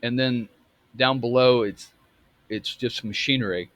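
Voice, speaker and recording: A man in his fifties telling a personal story in a halting way, with many restarts. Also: mid-range voice, fairly even intonation, a bit bright, no room sound. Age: 50s. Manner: halting, full of restarts and fillers. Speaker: storyteller recounting a memory.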